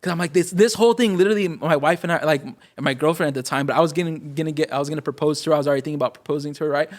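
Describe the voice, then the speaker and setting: A young man, a pastor, telling his story in a casual podcast interview, rapid and animated, full of fillers and acted-out quotes. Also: fairly high pitch. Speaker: pastor and guest. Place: podcast studio.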